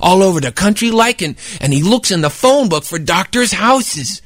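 A man's voice: sits high, animated, a bit bright, pitched above the performer's own voice. A man voicing a young boy who earnestly stammers through a rumor he heard from his cousin. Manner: halting, stammering with many restarts.

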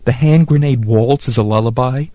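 A man's voice: mid-range voice, normal speed, dark tone, no echo. A man hosting a comedy radio sketch and playing the dry, skeptical straight man. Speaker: comedy show host.

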